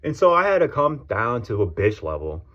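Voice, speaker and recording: A man's voice: medium pitch, big pitch swings, moderate pace. A man in his thirties telling a personal story as a casual vlog rant, blunt and profane, full of slang. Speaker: vlogger. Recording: dull lo-fi audio.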